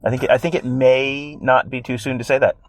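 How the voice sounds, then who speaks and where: A man's voice: medium pitch, steady tone, a little fast, no room sound. A man co-hosting a sports podcast in casual, rambling chat with wry self-deprecating jokes. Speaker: podcast co-host.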